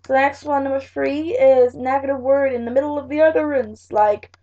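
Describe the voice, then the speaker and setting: High-voiced chatty teen girl. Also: steady tone, fairly quick, warm tone. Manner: chatty, rambling, fillers and "like". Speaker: vlogger. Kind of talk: casual revision vlog. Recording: dull lo-fi webcam audio.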